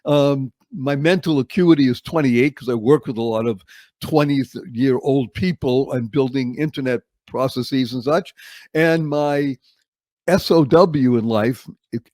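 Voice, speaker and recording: A man in his seventies from Boston, telling stories as an interview guest, with dramatic slow-downs. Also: mid-range voice, dry recording. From Boston, United States. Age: 70s. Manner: expressive, with dramatic slow-downs and acted-out quotes. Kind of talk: animated storytelling interview.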